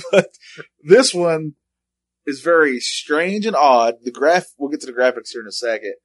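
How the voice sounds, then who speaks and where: A man's voice: a little high, moderate pace, no echo. A man co-hosting a casual retro gaming podcast, teasing his partner and laughing a lot. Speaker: podcast co-host. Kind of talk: casual chat about retro video games.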